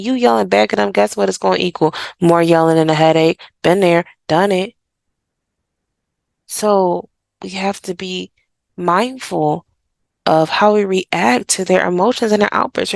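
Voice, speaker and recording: A woman therapist speaks in a casual, direct way, offering parenting advice as she talks. Her voice has a heavy, gravelly fry. The recording is dry and close, with no room sound. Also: mid-range voice, no room sound. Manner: direct and conversational, slipping into quoted voices. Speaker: therapist and podcast host; mother.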